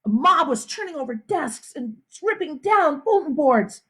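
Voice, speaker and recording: Woman reading a story aloud, lively. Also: sits high, normal speed. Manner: expressive storytelling. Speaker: school principal reading to students. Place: home, livestream.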